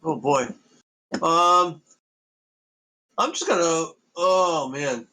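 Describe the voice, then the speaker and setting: A man's voice: on the high side, drawn-out words, pushed and bright, low-quality recording. A man playing in a tabletop game, hesitating and thinking aloud about what to do. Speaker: player. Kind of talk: casual tabletop play.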